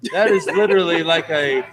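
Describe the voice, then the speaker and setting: A man's voice: a little high, moderate pace, over music. A man hosting a live sports talk show from a tavern, joking and teasing his guest in casual banter. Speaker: show host.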